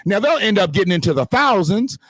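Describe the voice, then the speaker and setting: A man rants on his livestream in a profane, emphatic way, his voice leaping up and down in a lively, slightly high register. The sound is dry and close, with no room echo. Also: a little fast. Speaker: livestream host. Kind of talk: heated unscripted livestream rant. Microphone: desktop streaming mic in front of a green screen.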